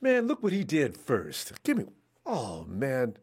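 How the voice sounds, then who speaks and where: Man, husky voice, animated pitch, unhurried delivery, excitable, talks at the screen. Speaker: football fan watching a game. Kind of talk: live game watch-along reaction.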